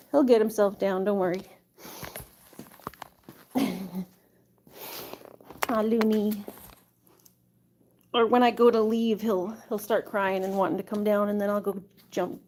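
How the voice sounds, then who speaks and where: A woman's voice: mid-range voice, fairly even intonation, takes it slowly, pauses often, darkish tone. A woman streaming live, coaxing her cat in sing-song baby talk and chatting with viewers as she reads their messages. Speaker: livestreamer with pet cats. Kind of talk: casual live-stream chat.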